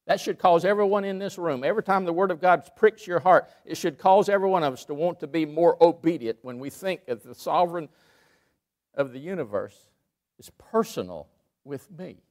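A man preaching a sermon in a church, emphatic, rising to loud peaks and dropping to quiet asides. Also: a little high, brisk. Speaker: pastor. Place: church sanctuary.

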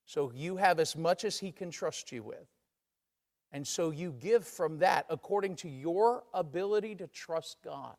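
A man's voice: fairly high pitch, expressive, normal speed, creaky, darkish tone. A man preaching a sermon in a church, talking in a conversational way and acting out the voices of the people he quotes. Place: church sanctuary. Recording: long reverb of a large church.

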